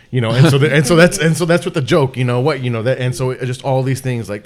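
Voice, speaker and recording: A man's voice: mid-range voice, fairly quick. A man co-hosting a casual podcast chat who rambles and swears for emphasis.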